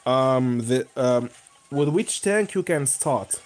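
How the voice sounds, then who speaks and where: A man's voice: mid-range voice, slow, soft background music. A young man commenting live on his own tank gameplay, cheering and groaning as the match goes. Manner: excitable, bursts of cheering and groaning. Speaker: gaming YouTuber.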